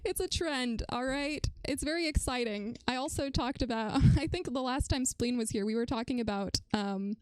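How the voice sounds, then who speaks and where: A woman's voice: high-pitched, moderate pace, few pauses, darkish tone, clear, resonant tone, dry recording. A young woman streaming from a room at home, chatting in a bubbly, giggly way with her viewers. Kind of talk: casual live-stream chat.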